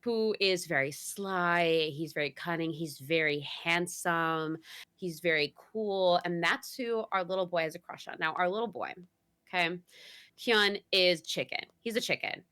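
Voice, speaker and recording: A young woman guest host in casual podcast chat, animated and quick to laugh, sometimes searching for words. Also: lowish voice, smooth. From Italian-American heritage.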